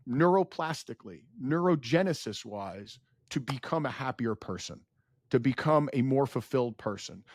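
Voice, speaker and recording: In his forties, a data center founder appears as a podcast guest, telling stories in an earnest, animated way, his pitch rising when he gets emotional. The studio sound is clean with no echo.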